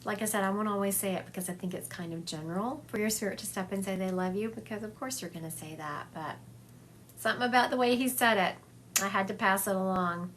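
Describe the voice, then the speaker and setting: A woman's voice: mid-range voice, quick pace, fairly bright tone, slight background noise. Chatty woman medium on a live stream. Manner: chatty, relays and acts out spirit messages. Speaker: psychic medium. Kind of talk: livestream reading for viewers. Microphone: phone livestream.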